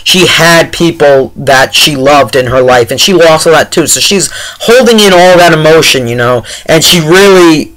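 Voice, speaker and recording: Guy rambling thru a tv episode review, kinda high voice, lots of um and like. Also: normal speed, few pauses, fairly bright tone, rough recording. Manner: rambling and loose, heavy on fillers, exasperated asides. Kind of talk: casual spoiler review.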